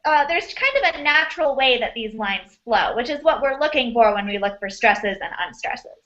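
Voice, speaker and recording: Upbeat bright-voiced woman teacher. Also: on the high side, animated, moderate pace, muffled recording. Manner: upbeat, encouraging praise. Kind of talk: online class lesson.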